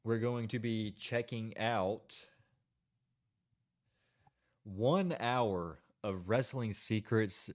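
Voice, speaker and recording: Male streamer, low voice, casual, laughs easily, keeps stalling. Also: extremely slow, pauses often, no room sound, clean studio sound. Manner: chatty, giggly, keeps stalling. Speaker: livestream host. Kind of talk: casual livestream chat.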